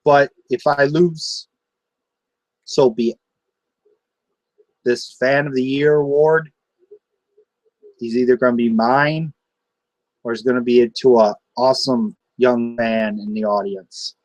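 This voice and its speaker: A man's voice: mid-range voice, steady tone, slow pace, long pauses, darkish tone, no echo. A man hosting a wrestling show, cutting a taunting, sarcastic trash-talk promo.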